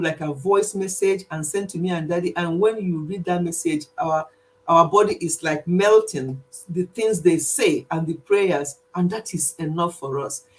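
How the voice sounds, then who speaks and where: A middle-aged woman with a Nigerian accent and a fairly low voice hosts a live stream chat on her YouTube channel. She's animated and emphatic, often repeating herself and laughing.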